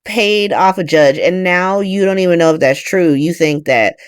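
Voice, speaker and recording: A woman's voice: fairly low pitch, normal speed, no echo, studio quality. A young woman recapping soap episodes in casual chat, ranting, swearing and talking straight at the characters. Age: young adult. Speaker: soap opera recap host.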